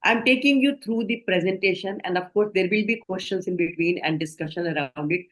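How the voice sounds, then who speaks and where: A woman with an Indian English accent, leading a healthcare communication training session in a measured, explanatory way and often asking the group questions. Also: on the low side, a bit bright, low-quality recording. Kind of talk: online training lecture.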